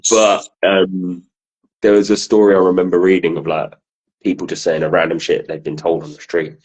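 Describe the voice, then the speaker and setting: Casual podcast co-host, male, southern English, deep husky voice, storyteller who swears. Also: flat delivery, moderate pace, a little mellow, poor audio. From southern England. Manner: laughing storyteller, swears freely. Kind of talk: casual chat.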